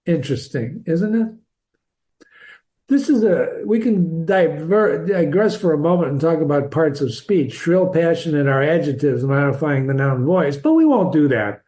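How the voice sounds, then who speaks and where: A man's voice: a little high, animated, normal speed, few pauses, warm tone. Chatty older man explaining a novel. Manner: chatty, digressive, chuckling asides. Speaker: reader and teacher. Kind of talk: reading a novel aloud with commentary.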